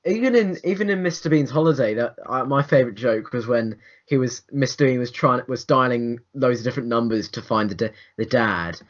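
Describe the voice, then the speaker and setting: A young man co-hosting a casual film review podcast, rambling with restarts and lively put-on quotes. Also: mid-range voice, fairly quick, few pauses. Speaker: podcast co-host. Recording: dull lo-fi home recording.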